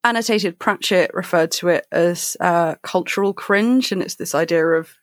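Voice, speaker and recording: A woman's voice: on the low side, no room sound. Woman recapping a book, dry mic. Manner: recaps plot in quick alliterative summary. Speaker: podcast co-host. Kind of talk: casual book podcast chat.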